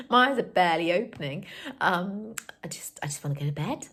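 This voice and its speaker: A young riding instructor vlogs to camera in a lowish, animated voice with a breathy edge, speaking a little fast. She's chatty, warm and quick to laugh at herself as she recounts her day; the recording is dry yet noisy and made outdoors.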